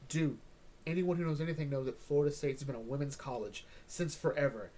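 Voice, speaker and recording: Rambling, mellow-voiced man reviewing comics. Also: a little high, fairly quick. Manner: joking, rambling, keeps asking "all right?". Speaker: comic book podcast host. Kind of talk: casual comic review chat.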